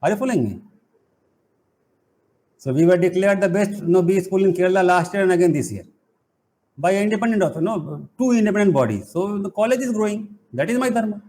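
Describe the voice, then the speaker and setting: A middle-aged man, giving an animated spiritual talk full of playful, emphatic rhetorical questions. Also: high voice, brisk. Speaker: spiritual teacher and college head.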